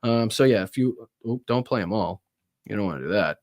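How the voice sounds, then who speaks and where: A man hosting a political livestream, talking casually and rambling with lots of swearing and quick apologies. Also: on the low side, lively intonation, dry recording, clean studio sound. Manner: profane, rambling, apologetic asides. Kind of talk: casual live commentary.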